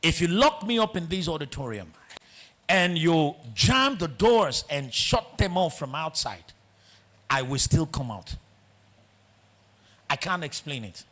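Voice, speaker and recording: A man with a Nigerian accent giving a motivational talk in a large auditorium, telling a story in an animated way that swings between loud and hushed. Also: a little high, unhurried, pauses often. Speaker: guest speaker.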